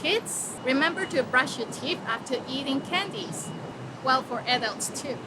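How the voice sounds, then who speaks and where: A woman's voice: animated, measured pace. A woman hosting a casual vocabulary lesson in a chatty, upbeat way. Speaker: language lesson host. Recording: loud vehicle rumble behind.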